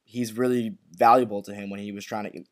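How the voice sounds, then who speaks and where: A man's voice: on the low side, fairly even intonation, brisk. A man co-hosting a podcast, chatting casually in loose sentences full of "like" and restarts. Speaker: podcast co-host. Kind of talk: casual recap chat.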